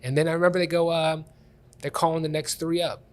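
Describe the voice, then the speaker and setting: Fast-talking man telling comedy stories. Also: a little high. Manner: rambling animated storyteller who laughs often. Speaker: comedian podcast host. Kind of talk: casual comedic storytelling. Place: Columbus comedy scene.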